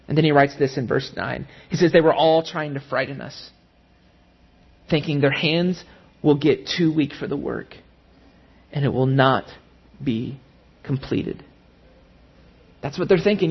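A man preaching a sermon. He acts out the tempting inner voices quickly, then slows down and drops low and quiet on key lines. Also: gravelly, husky, dull audio. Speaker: pastor.

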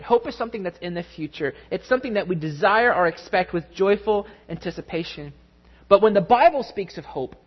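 High-voiced man preaching a sermon. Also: husky, dull audio. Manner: storytelling, animated, mimics voices in anecdotes. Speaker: pastor.

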